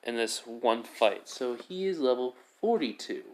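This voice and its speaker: A man's voice: medium pitch, lively intonation, a little slow. Rambling man retelling a fan story. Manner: rambling, heavy fillers and restarts. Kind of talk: casual fan-story narration.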